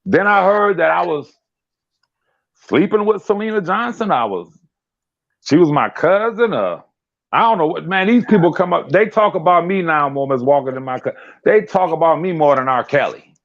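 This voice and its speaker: Gravelly man in a dull lo-fi stream. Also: fairly high pitch, normal speed. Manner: animated, laughs often, blunt and profane. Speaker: guest commentator. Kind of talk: casual chat on a live stream.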